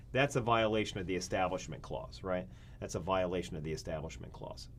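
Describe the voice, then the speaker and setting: A man's voice: deep voice, lively intonation, normal speed, a bit bright. A man teaching a college government class, talking casually, asking his students rhetorical questions and acting out little scenes. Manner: conversational, asks rhetorical questions, acts out scenarios. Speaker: community college government instructor. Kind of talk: recorded classroom lecture.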